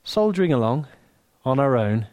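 A man with an English accent preaching a sermon, earnest and warm, dropping to soft, hushed lines for emphasis, with touches of dry humor. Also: mid-range voice, very animated, normal speed, no echo. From England. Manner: earnest, softening to near-whisper on key lines, dry humor.

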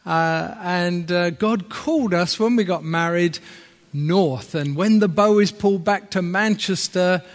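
A man's voice: sits high, unhurried. A middle-aged man with a northern English accent preaching a sermon, chatty and self-deprecating, with asides to the congregation. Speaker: visiting preacher. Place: church hall. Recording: long hall reverb.

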